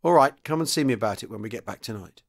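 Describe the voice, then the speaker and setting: A man doing a brisk old sergeant major. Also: mid-range voice, lively intonation, gravelly. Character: brisk, approving older British sergeant major.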